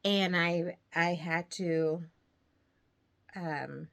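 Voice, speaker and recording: A woman talks casually to her viewers about her projects, a little out of breath from pregnancy. She rambles, circles back and laughs easily in a relaxed, chatty way. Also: on the low side, drawn-out words, gravelly. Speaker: knitting vlogger. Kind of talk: casual chat to camera.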